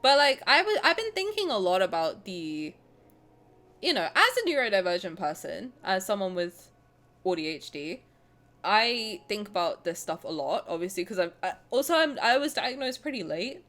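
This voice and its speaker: A woman's voice: mid-range voice, big pitch swings, moderate pace, a bit bright. A woman in her twenties, chatting casually on a stream, rambling with restarts and laughter. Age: 20s. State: out of breath. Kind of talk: casual stream chat reading comments.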